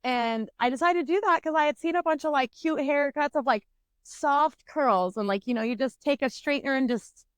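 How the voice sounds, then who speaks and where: Podcast co-host, young woman, high pitch, profane and animated storyteller. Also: normal speed, no echo. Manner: blunt, swears constantly, animated.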